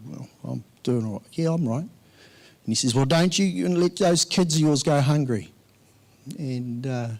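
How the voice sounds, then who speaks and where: A man giving a eulogy at a memorial service, halting with many fillers and restarts. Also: mid-range voice, darkish tone. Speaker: eulogy speaker. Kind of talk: memorial speech.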